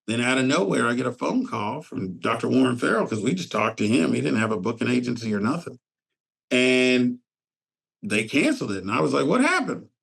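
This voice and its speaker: A man's voice: mid-range voice, fairly quick, vocal fry, slightly rough. A man in casual conversation on a podcast, telling a story about organizing a fatherhood summit and acting out the people he quotes. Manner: animated, acts out quoted voices.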